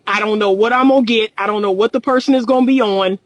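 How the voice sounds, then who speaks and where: A woman's voice: medium pitch, fast talker, rough recording. A middle-aged woman and relationship coach, talking candidly and emphatically in a casual livestream, repeating her points and often laughing.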